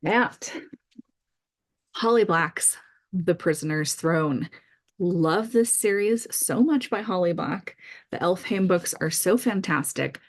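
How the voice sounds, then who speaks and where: In a relaxed vlog about the books she plans to read, a middle-aged author talks slowly in a lowish voice with lively intonation. She sounds eager and leans on plenty of filler words.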